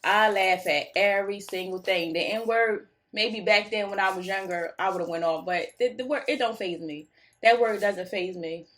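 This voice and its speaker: A woman's voice: mid-range voice, normal speed. Young woman, casual goofy storyteller, phone-camera vlog. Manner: goofy, laughs easily, animated retelling. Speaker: vlogger telling a story.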